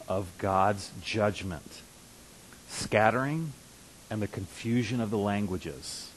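A man's voice: on the low side, poor audio. A man preaching a conversational sermon as pastor, who repeats and restarts words and rises to emphatic bursts. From Russia. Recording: faint hiss.

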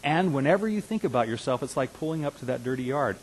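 A man in his fifties preaching a sermon as a pastor, earnest, dropping to hushed asides and rising to emphatic declarations. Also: medium pitch, animated, quick pace, hardly any pauses, slight background noise, low-quality recording. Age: 50s.

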